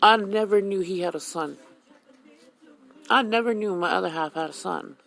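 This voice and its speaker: A woman's voice: mid-range voice, normal speed, vocal fry, fairly bright tone, poor audio. A woman from Hawaii, a mother, telling her own life story on the radio in a candid, emotional way. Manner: candid, emotional, retells conversations.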